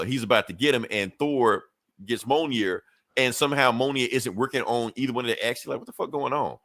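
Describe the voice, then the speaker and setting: Man, podcast co-host, casual comic recap, animated and profane, mid-pitched, close dry mic. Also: no echo. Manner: animated retelling with profanity and acted-out quotes.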